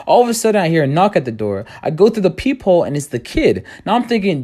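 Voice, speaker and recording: A young man spins funny school and home stories in an animated storytelling voice. His pitch swings widely and leaps into high yelps when a punchline lands. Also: fast talker, few pauses. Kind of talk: comedic storytime.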